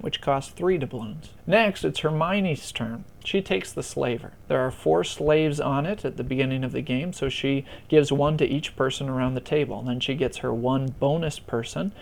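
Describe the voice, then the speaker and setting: A man walking listeners through a board game's rules in a relaxed, conversational way, with some self-deprecating humor. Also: mid-range voice, vocal fry. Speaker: board game tutorial presenter. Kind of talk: casual rules explanation.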